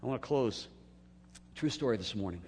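A man's voice: medium pitch, expressive, normal speed, a little hiss or hum. Storytelling male pastor in an echoey hall. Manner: storytelling, acting out dialogue with big swings from hushed to loud. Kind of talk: sermon.

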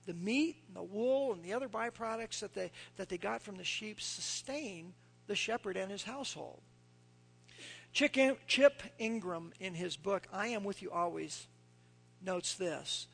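A man with a fairly high, gravelly voice preaches a sermon in a folksy, storytelling way. His tone is husky, and he sinks to a hushed near-whisper when he quotes scripture. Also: measured pace. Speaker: pastor.

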